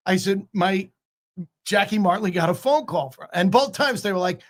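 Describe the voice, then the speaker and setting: A man who is a comedian guest on a podcast, telling a story in a relaxed, conversational way with repeated setups. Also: sits high, normal speed. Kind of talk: casual storytelling chat.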